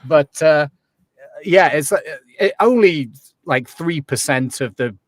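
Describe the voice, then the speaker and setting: An English man, his accent softened toward transatlantic by years in Canada, explains accents as a guest in a casual chat. He's wry and full of ums, with a fairly high voice that is animated yet slow.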